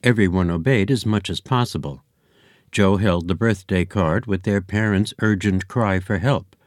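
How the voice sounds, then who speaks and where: A man reading a children's storybook aloud in a lively, expressive way. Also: low-pitched, normal speed, dry recording, studio quality. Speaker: narrator.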